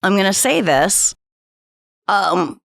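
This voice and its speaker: Lively woman with crisp, precise diction. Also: mid-range voice, takes it slowly, no echo, clean studio sound. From New Hampshire, US. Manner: crisp, overly precise diction, animated and laughing. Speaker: guest comedian. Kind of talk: casual interview chat.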